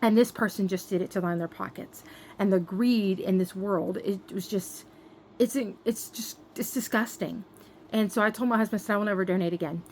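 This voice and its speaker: A woman's voice: mid-range voice, a little fast, a little mellow, a little hiss or hum. A young adult woman telling an upset storytime to her vlog viewers, venting with many fillers and restarts. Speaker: doll collector vlogger.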